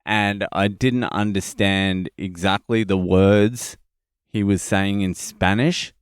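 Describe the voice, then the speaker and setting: A man's voice: fairly low pitch, slow, clear, resonant tone, no room sound. A man with an Australian accent, hosting a podcast and telling a story in a blunt, profane, casual way. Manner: profane, blunt, animated retelling. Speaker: podcast host.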